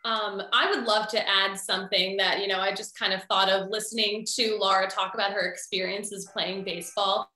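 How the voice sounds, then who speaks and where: A woman's voice: mid-range voice, level tone, moderate pace, hardly any pauses, sharp tone, reverberant, rough recording. A woman speaking on a conference panel over a video call, chatty and upbeat with plenty of fillers. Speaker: baseball broadcaster and food blogger. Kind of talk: panel discussion.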